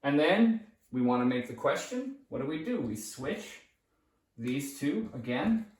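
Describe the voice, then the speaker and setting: A man's voice: medium pitch, big pitch swings, a little slow, a little mellow. A man teaching English grammar at a whiteboard, patient and repetitive, often checking in with "okay?". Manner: patient, repeats key phrases, checks in with "okay?". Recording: echoey room, voice far from the mic.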